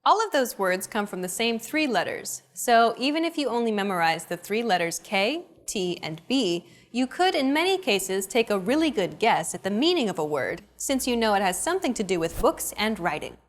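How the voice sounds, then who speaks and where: A young adult woman hosting a language lesson in an upbeat, clear teacherly delivery. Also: mid-range voice, sing-song, normal speed, few pauses. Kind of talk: scripted lesson narration.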